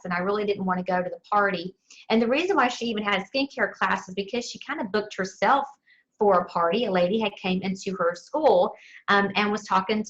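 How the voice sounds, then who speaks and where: A woman's voice: mid-range voice, dull audio. Chatty Southern woman telling her story. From southern United States. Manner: chatty and expressive, addresses listeners as y'all. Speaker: sales director addressing her team. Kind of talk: motivational storytelling talk.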